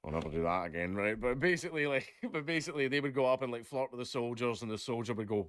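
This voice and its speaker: A man's voice: medium pitch, animated, quick pace, few pauses, clean tone, no echo, clean studio sound. A man ranting casually on a live stream, rambling and leaning on filler words, swearing often. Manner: rambling, leans on "basically" and "right?", swears a lot.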